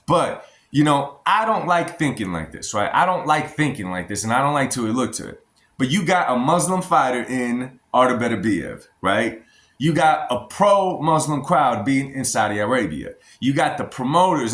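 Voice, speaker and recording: An American man talks in a casual, emphatic vlog style and keeps addressing his viewers directly. His voice sits at an ordinary middle pitch. The sound carries a noticeable room echo. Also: expressive, moderate pace, fairly bright tone. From United States. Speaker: boxing commentary vlogger.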